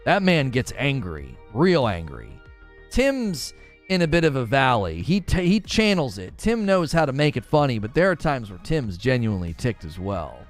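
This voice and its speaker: A man's voice: medium pitch, wildly swooping pitch, moderate pace, faint music behind. A man streaming, chatting casually with viewers in a rambling, laughing manner. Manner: rambling, self-interrupting, laughs often.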